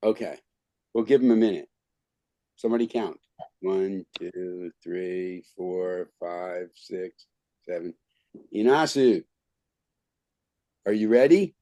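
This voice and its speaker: Long pauses mark the slow delivery of this skills trainer, whose voice sits low with a dark tone. Teaching online through a video call, he talks casually and fills gaps with "okay" and "right." No room sound is present.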